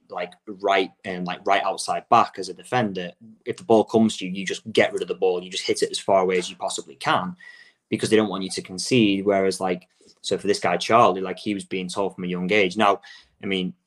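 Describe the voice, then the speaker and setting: A young Englishman with a low, deep voice speaks briskly and with little pitch movement as a guest in a casual interview about coaching soccer. He rambles loosely, circling back, restarting sentences, and leaning on filler words.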